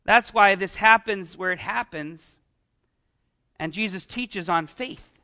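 A man's voice: high-pitched, slow, bright, forceful tone. A man preaching a sermon as pastor, talking conversationally and asking the congregation questions.

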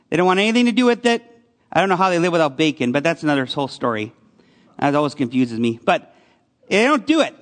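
A man's voice: high-pitched, a bit bright, big-room sound. A man preaching a conversational sermon as a pastor, often asking his listeners questions. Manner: conversational, asks the congregation questions.

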